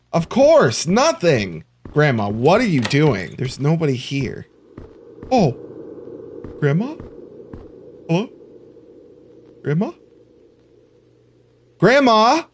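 A man's voice: a little high, a little hiss or hum. A man joking sarcastically through a let's play commentary. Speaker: gamer.

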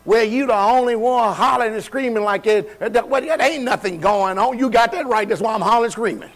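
A pastor with a high voice preaches to his congregation in a church. He talks in a loose, colloquial way and keeps putting questions to the room. He moves between loud and quiet as he preaches. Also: fairly quick, rough recording. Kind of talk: sermon. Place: church sanctuary.

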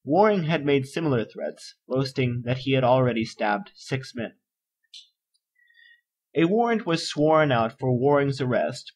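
A man narrates an encyclopedia article in a steady, measured read-aloud style. His voice has a slightly husky, breathy edge and sits at an ordinary middle pitch. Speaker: volunteer article reader.

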